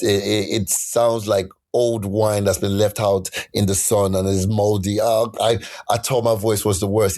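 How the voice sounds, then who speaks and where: A man, a musician and poet, telling stories in a casual interview, animated and acting out quotes in other voices. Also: lowish voice. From United Kingdom. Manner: animated, laughing, acts out quotes in shifting voices.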